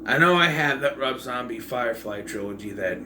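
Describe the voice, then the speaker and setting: A man giving a casual, rambling spoken movie review, often clearing his throat. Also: mid-range voice, expressive, brisk, noisy background.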